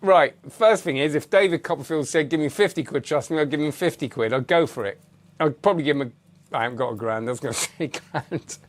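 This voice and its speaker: A man's voice: fairly high pitch, quick pace. A middle-aged British man hosting a magic review channel, chatting casually and rambling while greeting viewers by name. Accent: British English. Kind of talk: casual live-stream chat.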